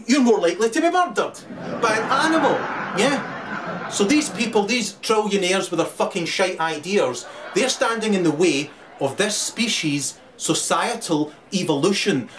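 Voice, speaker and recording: A man delivering a profane ranting monologue, often laughing and shouting. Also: high voice, animated, unhurried. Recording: distant mic with crowd chatter and noise.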